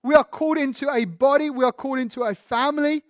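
A man's voice: very high voice, fairly even intonation, fast talker, no echo, studio quality. A man preaching a sermon as pastor, candid and self-deprecating, often restarting his sentences.

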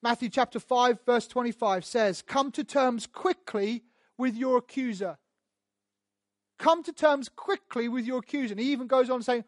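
A man preaching a sermon as a pastor, emphatic and repetitive, swelling louder as he drives his points home. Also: very high-pitched, moderate pace, dry recording, studio quality.

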